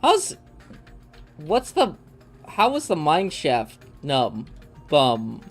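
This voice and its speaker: A young adult gaming streamer banters with friends on a live stream, joking and swearing freely. The delivery is slow and unhurried, but the pitch swings around a lot. Faint game music plays underneath. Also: wildly swooping pitch.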